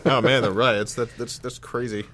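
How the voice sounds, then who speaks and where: A man in casual podcast banter, dry and teasing, nudging his co-hosts along from one bit to the next. His voice sits at an ordinary middle pitch. He talks in an easygoing, conversational way. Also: steady tone, normal speed, fairly bright tone. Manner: dry, teasing, steers the show. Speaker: podcast co-host.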